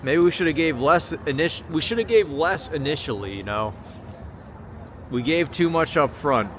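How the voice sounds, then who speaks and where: American guy rambling on a night street stream, voice a bit high, traffic noise all around. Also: expressive, normal speed. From United States. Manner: rambling, chatty, reads comments aloud. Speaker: livestreamer. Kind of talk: casual livestream chat. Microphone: small handheld camera mic. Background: city street traffic noise.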